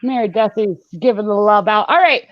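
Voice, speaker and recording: A woman's voice: mid-range voice, a little fast, no echo. A woman hosting a casual live-stream hangout, chatting, laughing often and reading comments from the chat aloud over a video call. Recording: dull, lo-fi video call audio.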